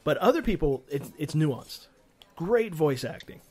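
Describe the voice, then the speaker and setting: A man co-hosting a casual gaming podcast, talking in a rambling, animated way with frequent restarts and casual swearing. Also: a little high, measured pace, husky. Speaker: podcast co-host. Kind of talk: casual chat.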